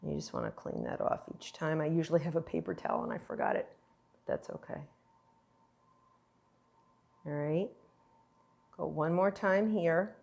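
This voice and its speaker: A woman's voice: fairly low pitch, gravelly, a little mellow. Woman, middle-aged, cooking instructor; playful, encouraging demo patter. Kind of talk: cooking demonstration.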